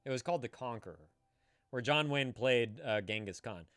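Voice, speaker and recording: A man co-hosting a casual live stream, animated and swearing freely, breaking into loud shouted bits. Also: mid-range voice, normal speed, no room sound, studio quality, faint music behind. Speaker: streamer co-host.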